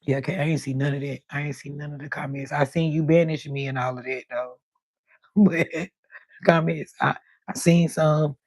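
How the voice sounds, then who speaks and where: Raspy gravelly woman in her 50s rambling on her livestream, close dry mic. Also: low-pitched, moderate pace, dry recording. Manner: chatty, animated storytelling with cussing and quoted voices. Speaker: livestream host. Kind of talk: casual livestream chat.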